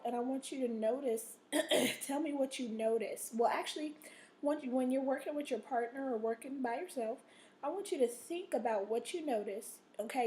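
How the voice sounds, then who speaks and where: A woman teacher giving a recorded reading lesson. Her voice is a little rough and she coughs now and then. She checks in with "okay?" after nearly every sentence and drags out the vocabulary words slowly. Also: fairly high pitch, warm tone. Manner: slow, drawn-out stress on vocabulary words.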